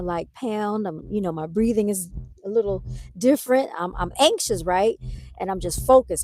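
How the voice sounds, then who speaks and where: A woman telling a story on a casual livestream, animated, talking straight to her viewers into a phone. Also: medium pitch. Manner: animated, addresses viewers as "y'all". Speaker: vlogger. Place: outdoors by a car, then moving inside.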